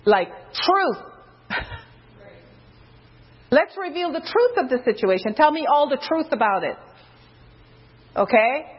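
A woman with a husky, fairly high voice preaching a casual sermon to her listeners. She talks loosely, full of fillers and restarts, and jumps up in pitch when she acts out a quote. The recording sounds dull and lo-fi. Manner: loose and conversational, many fillers, rises high when quoting. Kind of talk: informal sermon.

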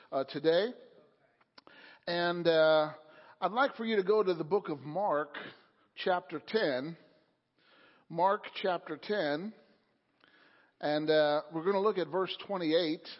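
Male pastor, easygoing sermon delivery with frequent fillers, slightly high voice, dull lo-fi church recording. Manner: casual, hesitant with many uh fillers. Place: church sanctuary. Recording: lo-fi church sound with long reverb.

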